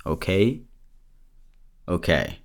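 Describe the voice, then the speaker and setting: A young man with a very low voice gives an earnest, loose motivational talk. He sounds a little out of breath, restarts his sentences often and swears casually, like a podcast host speaking straight to his listeners. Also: very animated, drawn-out words.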